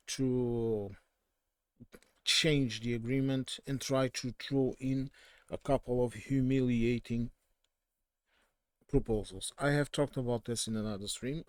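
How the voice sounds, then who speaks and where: A man's voice: medium pitch, a little mellow, dry recording. A man from southern Portugal with a Portuguese accent, giving casual, opinionated political commentary in a digressive way and often correcting himself mid-sentence.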